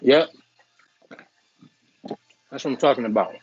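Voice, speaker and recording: A man's voice: mid-range voice, unhurried, a little hiss or hum. A man hosting a live cooking stream, chatting casually, tasting on camera and playfully apologizing to viewers. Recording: dry, dull lo-fi live stream audio.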